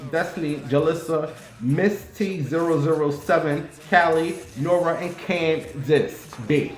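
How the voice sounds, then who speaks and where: Man, somewhat high voice, casual vlog chat, profane and loose, roomy echo. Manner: loose, chatty and profane, with sudden jumps up to playful squeals. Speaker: vlogger.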